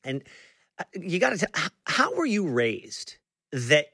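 A man's voice: a little high, wildly swooping pitch, unhurried, sharp tone, husky, no echo, clean studio sound. A man hosting a conversational interview, telling a story with frequent restarts and fillers. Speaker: interview host.

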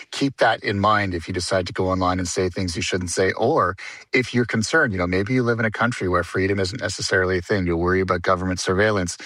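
A man, a tech writer on a radio show, explaining news in an earnest, steady way. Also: sits low, dry recording. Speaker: tech columnist guest.

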